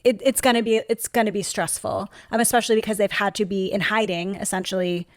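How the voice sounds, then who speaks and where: A woman therapist co-hosting a podcast, speaking in a thoughtful, analytical, measured way. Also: medium pitch, fairly even intonation, dry recording, studio quality. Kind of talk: casual chat.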